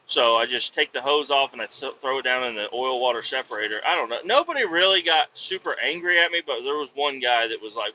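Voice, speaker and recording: A man's voice: mid-range voice, expressive, fast, few pauses, pushed and bright, slight background noise. A man hosting a podcast, rambling through a work story in casual talk with heavy swearing. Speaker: podcast host, vacuum truck operator. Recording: dull lo-fi sound with faint ambience.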